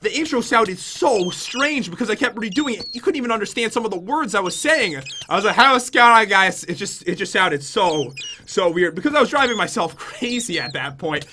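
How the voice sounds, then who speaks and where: A man's voice: sits high, very animated, a little fast, sharp tone, slight background noise. A young man from Connecticut chatting to his viewers in a self-mocking YouTube vlog. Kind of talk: casual vlog confession.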